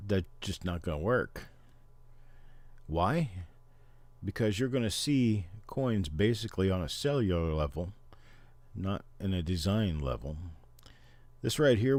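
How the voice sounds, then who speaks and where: A man's voice: lowish voice, a little mellow, no echo. A middle-aged man hosting a casual livestream, chatting and explaining things to his viewers. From Missouri, Oklahoma and Memphis, Tennessee. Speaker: livestream host.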